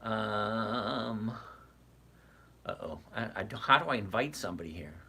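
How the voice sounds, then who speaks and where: A man's voice: on the low side, expressive, unhurried, pushed and bright, breathy edge. A man in his sixties hosting a casual investing livestream, chatty and greeting viewers by name as he goes. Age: 60s.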